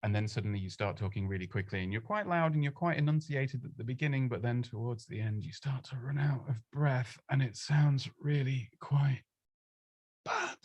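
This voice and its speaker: A man giving casual, chatty advice on presenting, self-deprecating and prone to quick restarts. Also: medium pitch, dry recording. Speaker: presenting coach. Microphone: close studio microphone.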